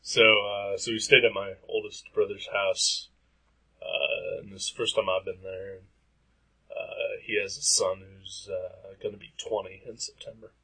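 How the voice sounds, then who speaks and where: A man co-hosts a podcast with a nasal, stuffed-up voice that sits low but sounds bright. His speech is husky and hesitant, full of fillers as he rambles through casual chat. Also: flat delivery, a little slow, rough recording. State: stuffy nose. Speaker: podcast co-host.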